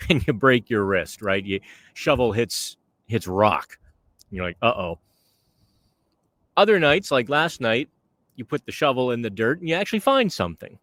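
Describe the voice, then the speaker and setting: A chatty man hosts a casual podcast outdoors by the water on a windy day. His voice sits at a middle pitch and sounds dry and close, with no room around it. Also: a bit bright, no echo. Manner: chatty, conversational. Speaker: podcast host. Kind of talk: casual on-camera chat.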